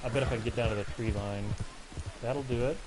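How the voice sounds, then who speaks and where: A man's voice: medium pitch, fairly even intonation, fast talker, background noise. A man giving casual, rambling live commentary while streaming a game from home, now and then breaking off to talk to his cat. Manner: chatty, rambling, breaks off to coo at his pet. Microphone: personal mic close to him.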